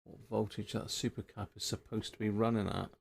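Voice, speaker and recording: A man's voice: on the low side, little pitch movement, fairly quick, vocal fry, slightly rough. A man hosting a live repair stream, thinking aloud in a rambling, casual way and chatting with viewers. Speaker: radio repair livestream host.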